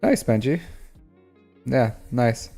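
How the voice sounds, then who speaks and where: A man's voice: medium pitch, very animated, slow, creaky, warm tone, soft background music. A man in his thirties hosting a live stream, chatting casually and teasing his viewers in a rambling, jokey way. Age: 30s. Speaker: live-stream host reviewing game accounts.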